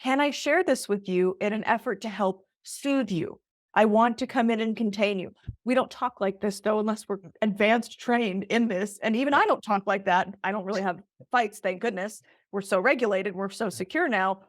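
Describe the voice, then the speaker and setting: A woman co-hosting a relationship podcast, explaining ideas in a lively conversational way and acting out short quoted lines. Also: mid-range voice, moderate pace, dry recording, studio quality. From Italian heritage. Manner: animated, acts out quoted voices. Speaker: podcast co-host, relationship therapist.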